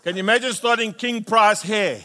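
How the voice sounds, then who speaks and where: A middle-aged man preaching a sermon in an animated style. He often repeats words and rallies listeners with "Amen?". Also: high-pitched, a little fast. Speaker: pastor. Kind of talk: sermon with comic storytelling.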